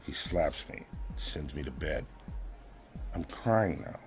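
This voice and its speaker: A man with a very low, gravelly voice reads a comic story in a mock-solemn deadpan. He takes his time over every line, and faint music plays underneath. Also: slow. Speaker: podcast co-host reading a comic piece. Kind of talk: comedic reading and casual chat.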